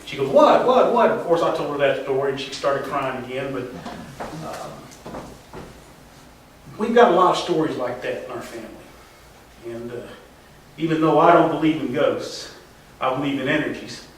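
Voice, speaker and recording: A middle-aged man telling a rambling, folksy story to a live audience, halting with fillers. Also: medium pitch, slight background noise. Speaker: storyteller at a tall-tale contest. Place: contest stage in a hall. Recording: distant, echoey hall recording.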